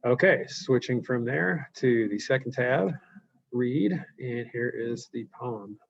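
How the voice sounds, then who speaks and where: A man's voice: medium pitch, animated, slow, vocal fry, no echo. A male teacher giving a live online class lecture, explaining loosely with fillers and frequent check-ins. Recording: dull lo-fi sound.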